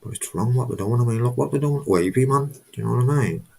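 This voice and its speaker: A man's voice: mid-range voice, lively intonation, fast, gravelly, mellow, slightly rough. A man hosting a live stream, talking casually in a rambling, emphatic way and often repeating himself.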